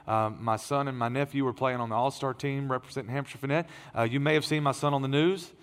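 A middle-aged man preaching as a pastor, his voice strained and tired, swinging from emphatic raised lines to quiet asides. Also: mid-range voice, fairly even intonation, fast talker, clear, resonant tone. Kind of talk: sermon. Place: church sanctuary. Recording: long reverb of a large hall.

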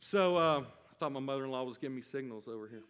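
A man's voice: medium pitch, lively intonation, quick pace, a bit bright, clear, resonant tone, long reverb tail. A man preaching a sermon to his congregation, reading scripture and stretching out key phrases with rising emphasis. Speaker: pastor.

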